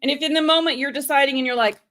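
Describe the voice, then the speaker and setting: A woman whose voice sits slightly high runs a live stream, coaching the people watching. Her delivery is chatty and lively, full of quick asides. It's casual teaching from an online video coach.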